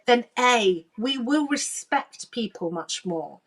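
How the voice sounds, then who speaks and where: A woman who works as a medium and coach tells a deeply personal story earnestly and emotionally, acting out remembered dialogue. Her voice is expressive, slow and a bit bright, and she sits far from the mic.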